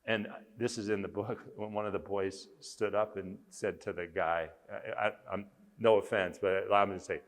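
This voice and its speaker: A man's voice: on the low side, steady tone, moderate pace, big-room sound. A man speaking as a conference speaker, earnestly telling a story with emphasis. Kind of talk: storytelling talk.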